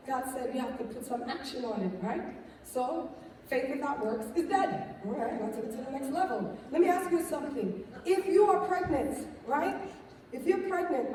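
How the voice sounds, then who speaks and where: High-voiced woman preaching in an echoey hall. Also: distant mic, a little hiss or hum. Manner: animated storytelling, laughing, acting out quotes, asks "right?". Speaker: speaker sharing testimony. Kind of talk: lively testimony talk to a live audience.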